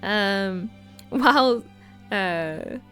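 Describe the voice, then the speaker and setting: A woman's voice: medium pitch, expressive, extremely slow, fairly bright tone, clean tone, soft background music. A woman streamer reading game lore aloud, giggling often, tripping over hard words and wandering into chatty asides.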